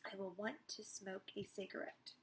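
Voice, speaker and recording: A woman's voice: a little high, expressive, normal speed, a bit bright, a little hiss or hum. Woman reading as a flustered smoker patient. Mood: dazed. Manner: complaining, then dazed repeating. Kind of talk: storybook read-aloud.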